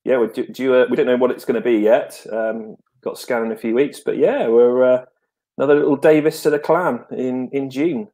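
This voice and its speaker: A man's voice: mid-range voice, fairly even intonation, brisk, dark tone. A man co-hosting a casual live stream, easygoing and self-mocking as he chats about family. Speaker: co-host.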